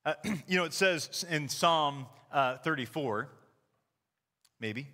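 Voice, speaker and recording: A man in his thirties preaching a casual, conversational sermon as the church's pastor, telling stories with animated quoted voices. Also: fairly high pitch, takes it slowly. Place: church sanctuary. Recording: long hall reverb.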